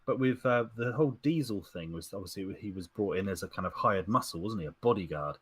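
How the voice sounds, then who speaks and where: A man's voice: low voice, lively intonation, fast talker, breathy edge, no echo. A man co-hosting a casual podcast, rambling and digressing, often laughing. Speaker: podcast co-host. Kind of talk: casual chat.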